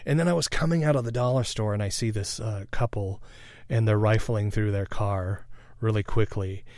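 A man's voice: fairly low pitch, darkish tone, no room sound, clean studio sound. A man preaching a sermon in a conversational, reflective way, sharing a personal story and often checking in with "all right?". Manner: reflective, meditative pauses.

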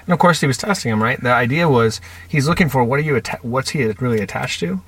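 On a conversational podcast, a male counselor with a mid-range, slightly bright, husky voice speaks at a quick pace. He reflects and tells stories about his clients, voicing their words as quoted dialogue.

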